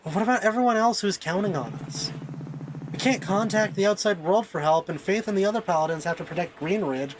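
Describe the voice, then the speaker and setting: A woman's voice: mid-range voice, brisk, noisy background, natural voice. A woman voicing an insecure young woman healer who wants to be a paladin, speaking in an upset, defensive way.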